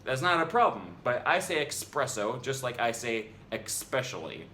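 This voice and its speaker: Exasperated man rebutting with lively pitch. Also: normal speed, a little hiss or hum. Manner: argumentative, exasperated, with frequent ums. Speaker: language vlogger. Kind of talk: rebuttal commentary vlog.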